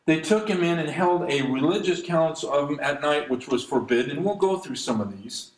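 A man preaching an expository sermon, reading scripture aloud and commenting on it, slowing down to stress key lines. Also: a little high. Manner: reads verses aloud then comments, slows for emphasis. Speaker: pastor. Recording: echoey room.

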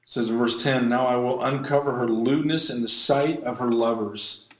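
A man's voice: mid-range voice, fairly even intonation, normal speed, echoey room, rough recording. A man preaching an impassioned sermon, his delivery rising and falling as he reads scripture and exhorts.

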